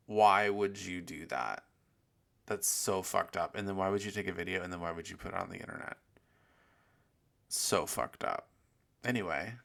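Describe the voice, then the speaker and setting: Gravelly low-voiced man hosting a podcast. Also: sharp tone. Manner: rambling, profane, self-mocking. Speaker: podcast host. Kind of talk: casual solo podcast chat.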